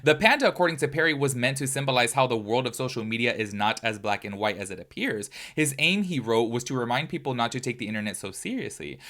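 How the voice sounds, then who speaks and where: A man's voice: medium pitch, fast talker, hardly any pauses. Chatty, exclaiming man in casual commentary. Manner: chatty and expressive, often exclaiming, with frequent fillers. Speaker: commentary YouTuber. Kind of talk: casual reaction commentary, reading an article aloud.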